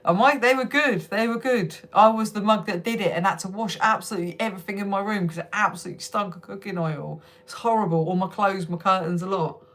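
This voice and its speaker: Young woman chatting live on her phone at home, laughs a lot, swears casually, mid-pitched voice. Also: fast talker, hardly any pauses, a bit bright. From United Kingdom. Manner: chatty, swears freely, laughs often, answers comments directly. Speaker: livestream host. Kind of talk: casual live chat with viewers.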